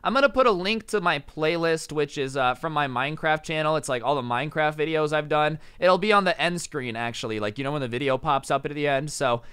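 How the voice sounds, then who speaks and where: A young man telling a story in a casual vlog, rapid and animated, full of "like" and "you know". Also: fairly high pitch, clean tone, no room sound, clean studio sound. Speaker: storytime vlogger.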